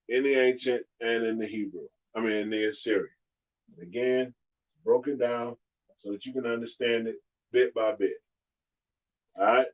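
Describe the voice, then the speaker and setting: A man teaching a live-streamed alphabet lesson, patiently repeating each sound slowly and clearly. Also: fairly low pitch, dull audio. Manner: slow, drawn-out pronunciation drills.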